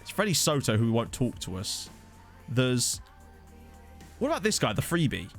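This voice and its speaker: At a moderate pace and medium pitch, with big pitch swings, a man casually streams a football management game. Soft music plays in the background as he jokes with viewers and answers their chat on a desk USB condenser mic.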